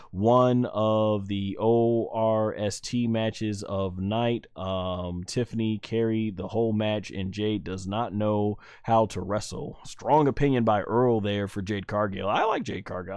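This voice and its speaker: A man's voice: fairly low pitch, a little mellow, smooth, no echo, studio quality. A man hosting a casual live stream, rambling and flustered. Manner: rambling and flustered, many fillers and restarts. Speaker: live stream host reviewing wrestling.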